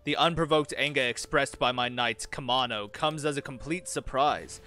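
A man casually commenting on a strategy game and reading its event texts aloud, muttering quick reactions as he plays. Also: medium pitch, bright, forceful tone. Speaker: gaming channel host.

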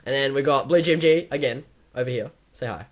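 A young man hosting a gaming channel, chatting casually while opening cases, swinging between mumbles and excited yelps. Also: medium pitch, quick pace. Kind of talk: casual case-opening commentary.

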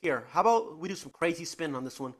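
A man's voice: fairly high pitch, expressive, quick pace, very noisy. A man playing a game online, cocky and taunting his opponent. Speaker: opponent player. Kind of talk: casual gaming banter.

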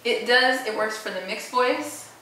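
A woman's voice: on the high side, a little slow, crowd noise. A woman voice coach chatting with a student in an encouraging, casual way, recorded in a teaching studio. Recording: echoey room, distant mic.

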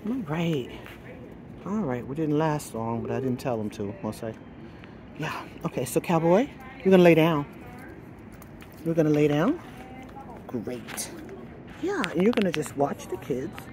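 A woman's voice: sits low, big pitch swings, unhurried, long pauses, noisy background. A woman vlogging outdoors by a pool, talking to her dog in soothing praise and firm short commands. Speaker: dog trainer vlogging a training session. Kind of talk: casual vlog narration and talk to a dog.

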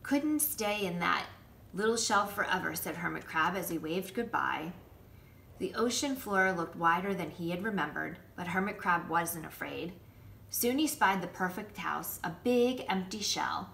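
A nursery school teacher, a woman, reading a picture book aloud to children with lively asides. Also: on the low side, unhurried, gravelly, a little hiss or hum. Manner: warm, lively storytelling with asides showing pictures.

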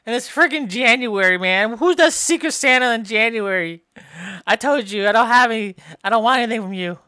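A woman's voice: fairly high pitch, brisk, bright, forceful tone, no echo, clean studio sound. A woman giving comedic improvised gameplay commentary, playing exasperated and tacking "man" and "bro" onto her lines.

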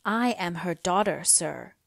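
A woman's voice: on the low side, expressive, a little slow, creaky, dry recording. Woman reading as an anxious young daughter. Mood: earnest, insistent. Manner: pleading, then breaking into tears. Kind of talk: audiobook character reading.

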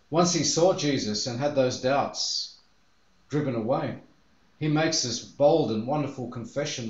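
A man's voice: medium pitch, reverberant, lo-fi sound. A man preaching a sermon as pastor, earnest and telling the story with feeling. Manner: earnest, acts out the disciples' voices in quotes.

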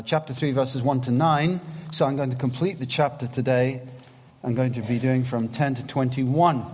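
A man preaching a sermon at church, reading scripture in a measured, earnest way. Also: medium pitch, a little mellow. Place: church hall. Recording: long reverb of a church hall.

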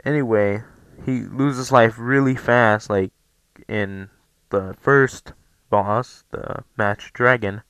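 Young man, game commentary, lowish smooth voice, rambling, self-deprecating, lots of ums, dry headset mic. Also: fairly even intonation, takes it slowly, fairly bright tone, no room sound. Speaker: let's play commentator. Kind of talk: casual gameplay commentary.

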